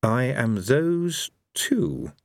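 A man voicing a graceful, mysterious lady of chance who speaks softly and calmly. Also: mid-range voice, drawn-out words, dry recording, studio quality, heavily acted. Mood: serene.

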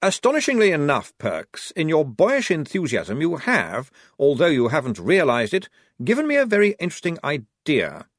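A prissy, pompous young officer with a raised, mannered voice, as a male reader puts him on. The storybook reading leaps about in pitch and sounds dry and close. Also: huge pitch swings, normal speed, no echo. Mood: eager. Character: prim, earnest young officer, man, pompous and fussy.

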